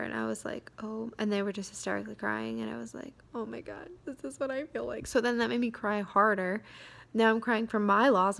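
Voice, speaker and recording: Young woman, gravelly creak, mid pitch, quiet, hesitant, worn out, confessional vlog. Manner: quiet, hesitant, many fillers, slips into whispers. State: drained and tired. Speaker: vlogger.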